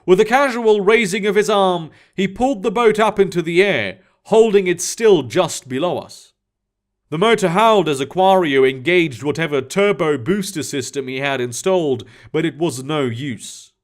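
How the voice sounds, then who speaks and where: A man reading a first-person sci-fi story aloud in a steady, measured narrating voice. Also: high voice. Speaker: audiobook narrator.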